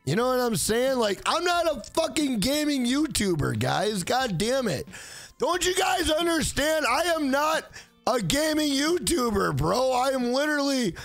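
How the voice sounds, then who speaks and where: High-voiced, profane man on livestream. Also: no echo. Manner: loud, profane, joking, reads chat aloud. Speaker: livestream host. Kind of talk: casual livestream chat.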